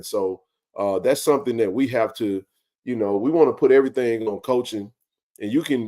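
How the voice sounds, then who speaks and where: A man's voice: fairly low pitch, darkish tone. A man hosting a casual sports talk show, ranting passionately and swearing freely about his team's fans.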